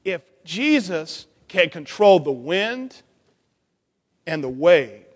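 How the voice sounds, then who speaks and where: A high-voiced man leads a children's sermon, coaxing and playful as he directs the kids. His voice rings with the long reverb of a church sanctuary. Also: sing-song, takes it slowly.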